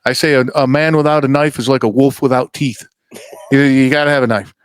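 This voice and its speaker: A man's voice: medium pitch, fairly even intonation, brisk, smooth, no echo, studio quality. A man hosting a podcast, telling rambling, profane stories in casual chat and acting out the people he quotes. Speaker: podcast host.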